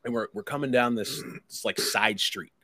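A man's voice: on the low side, normal speed, bright, forceful tone, no echo. A man telling a rambling, profane story in casual chat, acting out his friends' lines. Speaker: podcast host telling a story.

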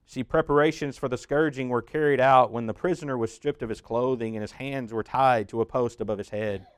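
A man preaching a dramatic sermon that walks the listener through the scene as "you", swelling loud and then dropping to a hush. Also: mid-range voice, fairly even intonation, brisk, clear, resonant tone, no echo, clean studio sound. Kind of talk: dramatic guided sermon narration.

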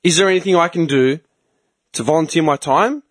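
A young man, a podcast host telling animated stories in casual chat, swearing often and acting out other people's lines. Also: fairly high pitch, brisk. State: tired from early work.

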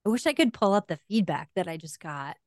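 A woman's voice: on the low side, expressive, fast talker, no room sound, studio quality. A woman in her forties co-hosting a casual podcast, talking with radio-style emphasis and laughing often. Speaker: podcast co-host and voice actor. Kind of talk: casual chat.

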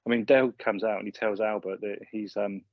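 A man's voice: fairly low pitch, steady tone, brisk, no room sound. A man co-hosting a podcast, chatting casually as he recaps a sitcom episode and chuckles often. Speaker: podcast co-host. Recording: slightly muffled lo-fi audio.

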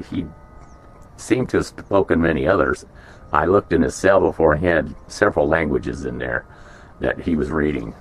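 A man's voice: very deep voice, gravelly, breathy edge. A man and former prison officer telling stories casually, rambling with many fillers and restarts. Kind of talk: casual storytelling.

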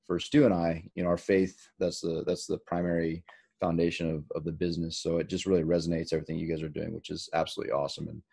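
A man's voice: sits low, darkish tone. A middle-aged man co-hosting a podcast, talking in a rambling, joking way with many restarts. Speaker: podcast co-host. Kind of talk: casual interview chat.

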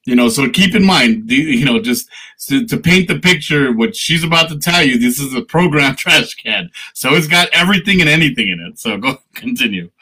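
A man's voice: medium pitch, lively intonation, moderate pace, pushed and bright, slightly rough, poor audio. A man hosting a casual talk show, asking long rambling questions and laughing often. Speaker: podcast host. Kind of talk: casual interview chat.

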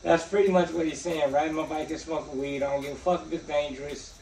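A man in casual podcast chat, pitched slightly high and given to crude, laughing banter. He sits away from the mic, so his voice sounds distant. The room is echoey, with a faint background hiss. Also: steady tone, fast, gravelly, darkish tone. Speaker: podcast co-host.

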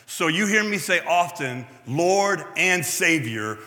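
Bright-voiced pastor preaching in a reverberant hall. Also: male voice, fairly high pitch, animated, slow. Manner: conversational, asks the room "right?" often; self-deprecating asides. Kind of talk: sermon.

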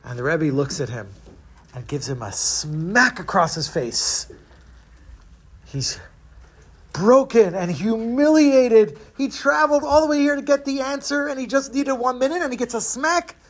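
A man telling religious teaching stories with animated, dramatic delivery. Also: very high-pitched, measured pace. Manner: animated storytelling, lively dramatic shifts. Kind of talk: storytelling sermon.

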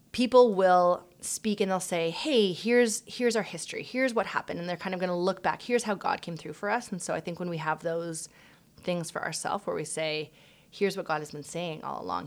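A woman hosting a faith podcast, affirming her guest and reflecting in a casual chat, with frequent "um"s. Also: fairly low pitch. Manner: warm, affirming, frequent "um" and "mm-hmm". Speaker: podcast host.

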